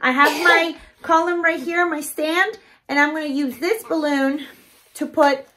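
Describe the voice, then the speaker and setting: A woman's voice: high voice, unhurried, sharp tone, slight background noise. A woman giving a DIY tutorial as a balloon decorator, chatting to viewers and gushing over her work. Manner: chatty, keeps addressing viewers as "you guys".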